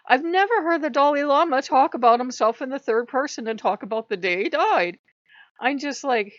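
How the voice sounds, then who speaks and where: A woman's voice: sits high, moderate pace, no echo, dull audio. Chatty, laughing woman vlogger. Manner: animated, laughs often, jumps into mock voices. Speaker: YouTuber. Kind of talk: casual chatty vlog.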